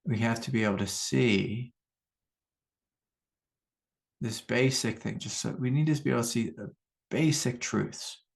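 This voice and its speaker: A middle-aged man acting as a meditation teacher gives a calm, unhurried spiritual talk, repeating his key phrases. His voice is medium-pitched and creaky.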